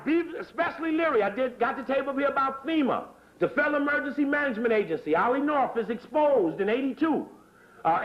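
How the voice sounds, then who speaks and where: A man giving a fiery political lecture in a hurried, emphatic, profane way, repeating his phrases. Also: very high-pitched. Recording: dull lo-fi tape recording.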